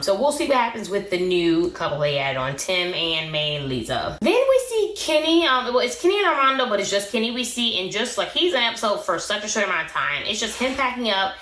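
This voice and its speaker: A young woman speaking gives an animated, opinionated reality show recap, full of "um" and "like." Her voice is bright, and the room around her is echoey. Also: mid-range voice. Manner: chatty, animated, opinionated, with many "um" and "like".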